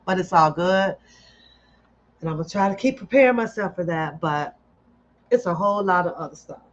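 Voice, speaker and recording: A middle-aged woman with a lowish voice hosts a live stream at a moderate pace, chatting casually and bluntly with viewers. She swears and laughs a lot, and the audio is dull, lo-fi stream quality.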